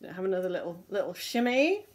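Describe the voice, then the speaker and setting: Woman, voice teacher, soothing and unhurried, leading a warm-up lesson. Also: fairly low pitch, big pitch swings. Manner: gentle, soothing, slow guiding instructions. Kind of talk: guided vocal warm-up lesson.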